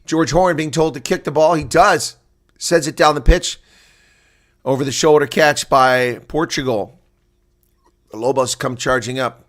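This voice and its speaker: A man giving live play-by-play rugby commentary, excitable and rising to shouts at big plays. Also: fairly high pitch, a little slow, long pauses.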